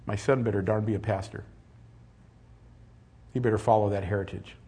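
A man's voice: on the low side, fairly even intonation, normal speed, warm tone, breathy edge. A middle-aged man preaching a sermon as pastor, earnest and rising to emphatic peaks.

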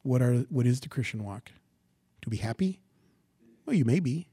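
A man preaching a sermon, asking the congregation rhetorical questions and swinging from quiet asides to loud, dramatic scripture reading. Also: medium pitch, expressive, normal speed, husky, no room sound. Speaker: pastor.

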